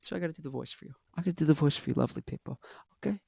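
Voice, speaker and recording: A man's voice: on the high side, racing, gravelly, mellow, husky, no room sound. Rambling young man vlogging. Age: 20s. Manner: rambling, self-interrupting, joking asides. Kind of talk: casual commentary monologue.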